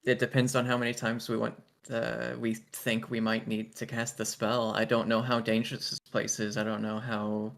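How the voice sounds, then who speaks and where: A man voicing a small, adorable cleric in a tabletop game, speaking hesitantly with many pauses. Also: fairly low pitch, monotone, gravelly, fairly bright tone. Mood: worried. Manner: hesitant, hedging, lots of uh.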